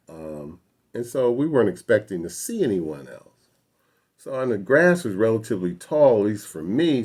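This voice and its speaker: A man's voice: on the low side, darkish tone. A man in his sixties telling a personal childhood story in an earnest, reflective way.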